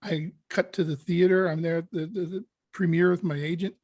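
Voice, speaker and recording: A male actor in an interview, telling a lively anecdote and acting out his own panic. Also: fairly high pitch, fairly quick, no room sound. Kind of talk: casual storytelling interview.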